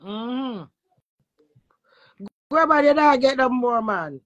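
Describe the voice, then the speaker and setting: A woman's voice: sits high, lively intonation, slow, no echo, lo-fi sound. A Jamaican woman who is a social media influencer, chatting brashly and profanely in patois with her live-stream viewers. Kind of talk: casual live-stream chat.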